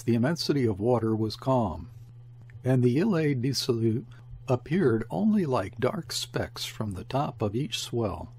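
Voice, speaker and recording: A man reading a classic short story aloud as an audiobook narrator, in a measured storytelling manner. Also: medium pitch, vocal fry, darkish tone. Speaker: audiobook reader. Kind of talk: scripted literary narration.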